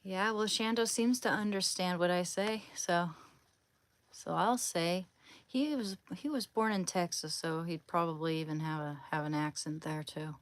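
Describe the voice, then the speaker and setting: A woman livestreaming casually, talking fondly to her dog in a soft, coaxing voice. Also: lowish voice, moderate pace, no echo, rough recording. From Oregon.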